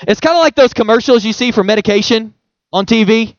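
A man's voice: high-pitched, fast, no room sound, lo-fi sound. A male pastor giving a sermon in a conversational, playful way, with homely examples.

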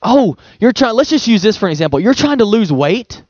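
A man's voice: high voice, very animated, a little fast, darkish tone, dry recording, muffled recording. A male pastor giving a sermon in a conversational, playful way, with homely examples.

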